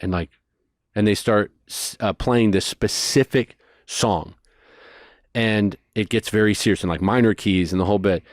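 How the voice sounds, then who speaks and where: A man telling a story as a guest in a conversation, animated and rushing through details. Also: fairly low pitch, no echo, studio quality. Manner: animated, fast bursts of detail.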